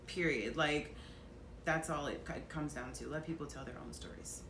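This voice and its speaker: A woman's voice: sits low, moderate pace, fairly bright tone, a little hiss or hum. A woman co-hosting a casual vlog, speaking earnestly and hesitantly with restarts. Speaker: vlogger, co-host. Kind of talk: casual chat. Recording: echoey room.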